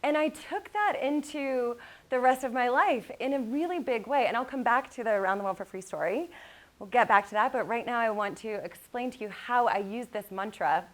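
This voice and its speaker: A woman gives a motivational talk to a live audience in an animated storytelling style. She laughs often and turns to speak directly to the listeners as she shares personal stories. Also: a little high, moderate pace.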